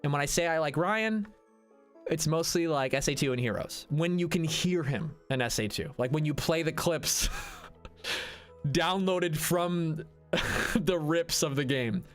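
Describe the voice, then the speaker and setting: A male streamer talks loosely to his chat in a slightly high voice, rambling and often restarting his sentences. Quiet music plays faintly under him. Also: measured pace. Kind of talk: casual livestream chat.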